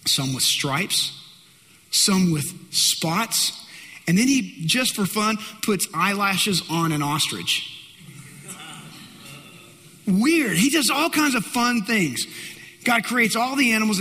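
A man's voice: sits high, bright, forceful tone. A middle-aged man preaching a sermon as a pastor, telling stories animatedly and with humor. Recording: long hall reverb.

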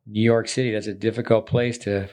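A man with a somewhat low voice hosts a casual podcast. He talks in a relaxed, rambling way, drifting from one thought to the next as he sets up the show. His delivery stays loose and conversational. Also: a little fast, noisy background. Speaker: podcast host. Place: resort.

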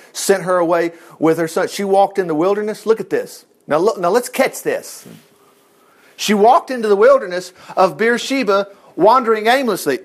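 A man preaching in a folksy, animated way, retelling a story and acting out its people. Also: high voice. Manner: animated, folksy, acts out quotes in voices. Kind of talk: informal sermon storytelling.

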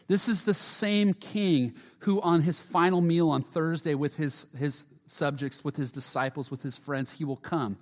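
A man preaching a sermon, earnest, often dropping to a hushed voice, with frequent restarts and repeated words. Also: fairly high pitch, unhurried, few pauses. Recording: long hall reverb.

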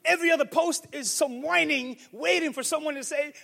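A man preaching a sermon as pastor, moving between quiet reflection and fervent shouted declarations. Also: very high voice, brisk, vocal fry, in a large hall. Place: church sanctuary.

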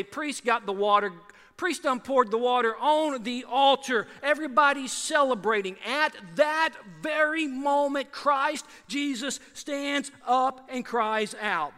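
A man preaching a sermon as pastor, in a lively, conversational way full of repeated rhetorical questions. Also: very high voice, in a large hall.

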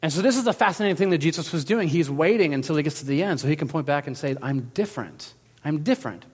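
A pastor preaches a sermon like a lively, casual storyteller, acting out the quotes along the way. His voice sits on the high side and comes out rapid-fire and husky, with a long reverb tail.

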